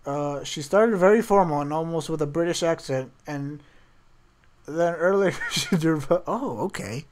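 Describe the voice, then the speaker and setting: A man's voice: on the high side, measured pace. A man reading a novel aloud on a stream, breaking off for wry, chatty asides and laughing at the text. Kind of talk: casual read-aloud with joking asides.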